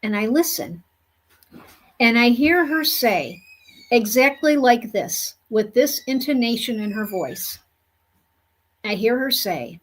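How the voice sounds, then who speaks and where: A woman medium telling a story in an earnest, unhurried way, with many "you know" fillers. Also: on the high side, lively intonation. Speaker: spiritual medium. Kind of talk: storytelling monologue.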